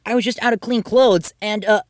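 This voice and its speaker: A man's voice: high-pitched, fairly even intonation, fairly quick, no echo, clean studio sound, pitched above the performer's own voice, natural voice. A man voicing an exasperated, flustered teenage boy.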